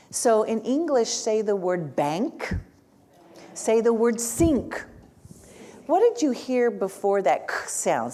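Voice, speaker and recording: A woman's voice: mid-range voice, mellow. A woman speech-language pathologist, a native Spanish speaker, leading an interactive workshop and having the audience repeat sounds.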